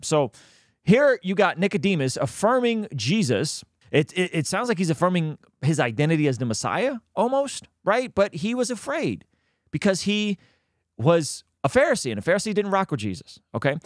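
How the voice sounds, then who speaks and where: A man hosting a Christian reaction commentary, animated and quick to laugh, explaining and reading Bible passages into a close mic. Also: on the high side, dry recording. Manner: animated, bursts into laughter, reads scripture aloud.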